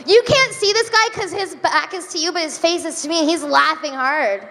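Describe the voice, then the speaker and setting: A young woman performing a stand-up comedy set, giggly and self-deprecating, with drawn-out deadpan asides. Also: very high-pitched. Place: comedy club stage before a live audience. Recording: live club recording with reverb, faint room noise.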